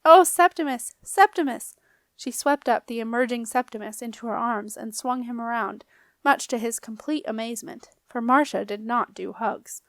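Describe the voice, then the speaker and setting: A woman narrating a children's fantasy audiobook in a clear, expressive manner. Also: a little high, moderate pace, dry recording. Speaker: audiobook reader. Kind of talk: storybook narration.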